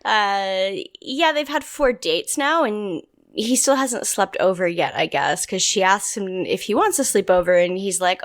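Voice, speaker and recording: A woman's voice: medium pitch, measured pace, few pauses. A woman co-hosts a podcast in loose, casual chat. Her voice swings up and down a lot, and she laughs often as she talks. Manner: giggly, animated, laughs often. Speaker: podcast co-host.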